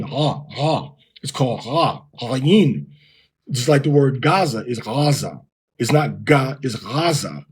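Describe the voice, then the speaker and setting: A Hebrew teacher with a husky, slightly breathy voice pitched mid-range for a man gives an informal recorded lesson. He explains examples step by step, slowing down to sound words out and reading verses aloud slowly.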